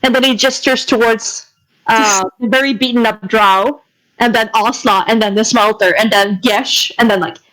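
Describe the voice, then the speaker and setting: Brief: woman player, slightly high voice, amused narration of her character. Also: steady tone, moderate pace, fairly bright tone, low-quality recording. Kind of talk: describing her character's actions.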